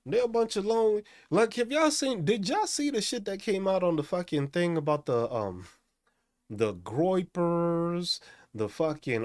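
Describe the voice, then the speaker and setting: A man's voice: fairly high pitch, darkish tone, no echo, clean studio sound. A man hosting a profane, angry rant, mocking the people he talks about. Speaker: host. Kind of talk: profane ranting commentary.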